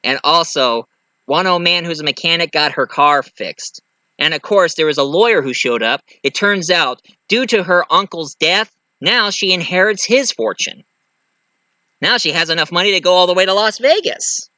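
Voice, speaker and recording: A man with a rather high, very bright and sharp voice rambles through a movie plot in a chatty review. He keeps a loose, casual grammar and leans on plenty of fillers. The sound is dry and close, with no room around it. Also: expressive, moderate pace, dry recording.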